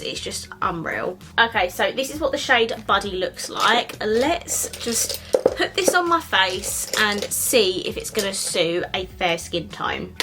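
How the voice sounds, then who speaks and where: A young woman talks through a makeup review, chatty and gushing as she tries each product. Her voice is bright and forward, with a lively, easy flow of filler words. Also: medium pitch. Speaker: beauty vlogger.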